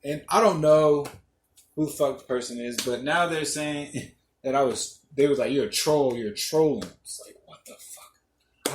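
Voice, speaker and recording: A young man hosting a podcast alone, telling rambling, profane stories and laughing often. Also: mid-range voice. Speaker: podcast host. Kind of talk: casual monologue. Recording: echoey room, faint noise.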